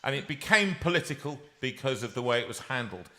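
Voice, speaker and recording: Lively, bright-voiced male host. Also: medium pitch, a little hiss or hum. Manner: jokey, self-mocking, talks in quick bursts. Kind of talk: casual live-stream chat and singing. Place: music room with a piano.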